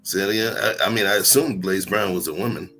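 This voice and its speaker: A man hosting a livestream, chatting casually and greeting his viewers by name in a relaxed way. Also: low-pitched, fast talker, faint music behind. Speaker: livestream host. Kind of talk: casual chat.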